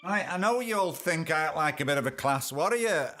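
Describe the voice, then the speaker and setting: Guy with a fairly high voice doing sarcastic news rants on his podcast. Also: big pitch swings, normal speed, hardly any pauses, a bit bright, faint music behind. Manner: sarcastic and ranting, reading news aloud. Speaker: podcast host. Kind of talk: comic news commentary.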